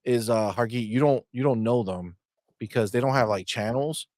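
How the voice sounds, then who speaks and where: A man hosting a casual gaming podcast, brash and profane, mocking people and sometimes breaking into loud shouts. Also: mid-range voice, normal speed. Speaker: podcast host.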